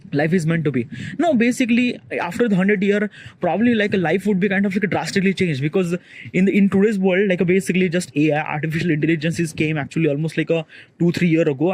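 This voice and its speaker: A man vlogging alone outdoors on a rooftop on a cold morning. He rambles fast with heavy fillers and keeps telling himself to slow down. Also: high voice, darkish tone. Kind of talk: rambling solo monologue.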